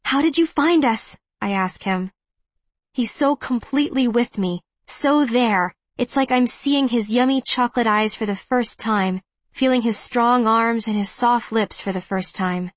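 A woman giving an intense, measured first-person audiobook narration. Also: fairly high pitch, no room sound.

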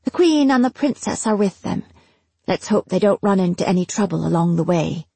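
A woman voicing a brisk, blunt woman officer in a storybook, speaking matter-of-factly with a slightly condescending edge. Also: lowish voice, animated, vocal fry, dark tone, slightly rough, no echo, exaggerated voice.

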